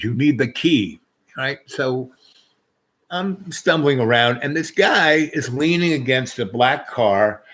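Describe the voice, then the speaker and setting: A man spins a loose, rambling story at a middling pitch. He doubles back on his words, trails off, and chuckles through it, with an unhurried, conversational flow. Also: a bit bright. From New York. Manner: meandering, repeats words, chuckles often. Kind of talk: rambling personal anecdote.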